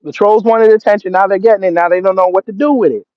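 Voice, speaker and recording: A man of Jamaican background hosts a casual livestream, mocking the commenters in his chat with sarcasm. His voice sits on the high side for a man. The audio is dry and dull, like a lo-fi stream mic. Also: fairly even intonation, fast talker, dry recording. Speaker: livestream host.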